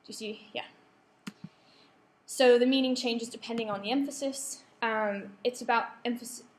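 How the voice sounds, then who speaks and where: A woman's voice: a little high, steady tone, normal speed. A young woman giving a writing workshop to students, explaining points with frequent ums and self-corrections. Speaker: lecturer. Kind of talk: academic writing workshop talk. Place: lecture room. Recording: echoey lecture room.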